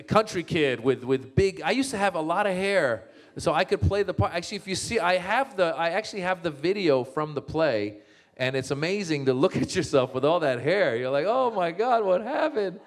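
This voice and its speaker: A man's voice: on the high side, slight background noise. A man who grew up in Northern California and speaks, telling comic stories about his family and laughing often. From born in Iran, grew up in Northern California. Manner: animated, laughing, acts out family members' voices. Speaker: comedian and author, guest speaker. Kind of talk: comic storytelling talk.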